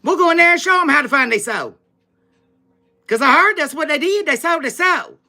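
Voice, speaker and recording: A woman's voice: high voice, lively intonation, a little fast, creaky, pushed and bright. A woman giving a live tarot reading, talking in a sassy, emphatic way straight to her viewers, with frequent laughs. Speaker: tarot reader.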